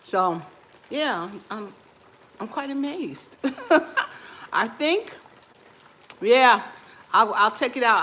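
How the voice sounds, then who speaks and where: A woman's voice: fairly low pitch, bright, forceful tone, slight background noise. A woman chatting casually to her viewers in her home kitchen while tasting food, talking with her mouth full and laughing often. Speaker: cooking vlogger.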